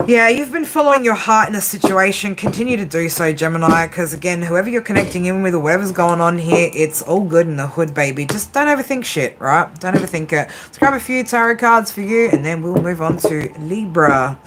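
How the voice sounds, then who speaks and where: Chatty low-voiced woman reading tarot. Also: fairly quick, hardly any pauses. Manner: chatty, swears freely, ends phrases with "right?". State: tired late at night. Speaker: tarot reader. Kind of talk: casual live tarot reading. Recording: steady background noise.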